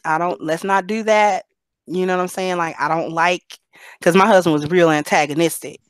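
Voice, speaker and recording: A woman's voice: lowish voice, steady tone, brisk, no echo. A woman hosting a casual live panel chat, telling personal stories candidly and laughing through her points.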